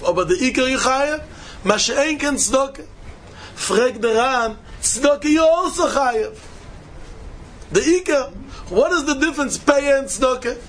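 A man's voice: sits high, fairly bright tone, a little hiss or hum. A man giving a Talmud study lecture, asking questions and repeating key points to press them. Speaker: Talmud teacher.

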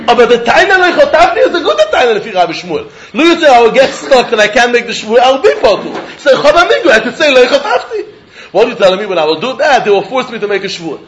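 A man teaching a Talmud lesson in an animated, sing-song study cadence, often laughing as he argues. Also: very high-pitched, quick pace.

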